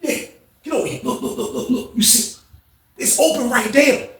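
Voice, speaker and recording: A man voicing an animated male basketball coach who coaxes and fusses over his players. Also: very high voice, moderate pace, gravelly, pitched above the performer's own voice. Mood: urgent coaxing. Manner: animated, coaxing. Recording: roomy echo.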